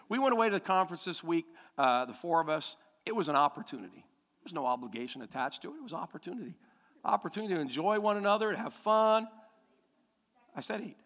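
A male pastor delivers a lively sermon with a bright, high voice. He repeats key phrases and keeps checking in with the congregation. His words echo through a reverberant church hall. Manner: animated, emphatic, repeats key phrases, asks the congregation questions.

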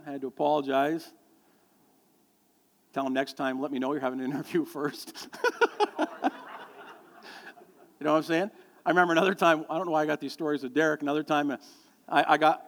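A middle-aged male pastor preaching a sermon, telling stories and joking with the congregation. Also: fairly high pitch. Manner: storytelling, animated, jokes with the congregation. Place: church sanctuary. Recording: long hall reverb.

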